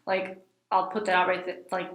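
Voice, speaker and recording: A young woman, a YouTuber, chatting as a podcast guest in a relaxed, easygoing way. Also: on the low side, normal speed. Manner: relaxed, easygoing, lots of "like" and "you know". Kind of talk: casual interview chat. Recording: roomy echo.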